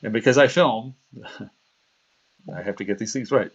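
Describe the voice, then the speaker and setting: Chatty low-voiced man on a dull stream. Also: moderate pace, breathy edge. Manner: chatty, digressive, laughs at himself, acts out quoted voices. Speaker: livestream host. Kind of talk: casual rambling livestream talk.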